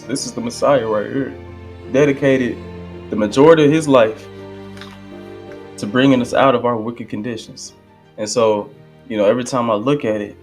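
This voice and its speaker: A man hosting a reaction video, talking casually and emphatically with fervent bursts. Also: medium pitch. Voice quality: conversational, emphatic, lapses into quoting others. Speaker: channel host reacting to a speech.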